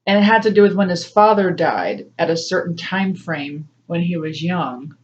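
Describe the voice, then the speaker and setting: Speaking to her viewers on lo-fi audio, this woman has a lowish voice with lively intonation and a moderate pace. She's a spiritual coach and tarot reader giving a casual, personal talk to camera, laughing a lot and doing voices for the people she quotes.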